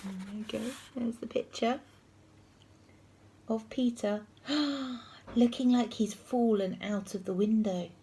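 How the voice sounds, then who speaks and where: A woman reading a picture book aloud to children, expressive and sometimes dropping to a hush. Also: medium pitch, unhurried, breathy edge. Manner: expressive, hushed in places.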